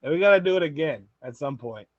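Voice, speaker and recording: Animated young man telling stories. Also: a little high, fast, no echo, highs cut off. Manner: animated storyteller, laughs often, quotes people. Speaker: podcast host. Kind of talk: casual podcast storytelling.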